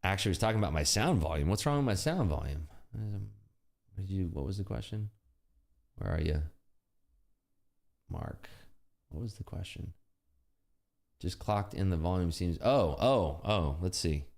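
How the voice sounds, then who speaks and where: A man's voice: sits low, expressive, moderate pace, gravelly, long pauses, a little mellow. A man hosting a live day-trading stream, chatting casually, joking and laughing often with his audience. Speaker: day-trading livestream host. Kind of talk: live trading commentary chat. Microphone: desk computer streaming setup.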